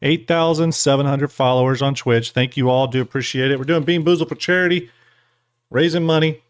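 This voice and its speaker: A man's voice: medium pitch, fairly quick, smooth, no room sound, clean studio sound. A man hosting a live stream, chatting casually and a little tipsy, thanking donors and explaining giveaways. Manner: relaxed, rambling, thanks donors while eating jelly beans. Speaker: streamer host.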